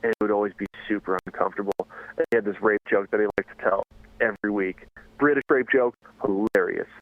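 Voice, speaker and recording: A man's voice: on the low side, little pitch movement, quick pace, no room sound, phone-quality sound. A man hosting a casual podcast chat as a stand-up comic, telling mocking, profane stories.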